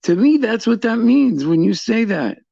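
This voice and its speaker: A middle-aged man hosting a casual faith talk for viewers, halting and repeating words as he restarts his sentences. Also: high voice, big pitch swings, vocal fry, warm tone, dry recording, dull audio. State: tearful at times. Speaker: host.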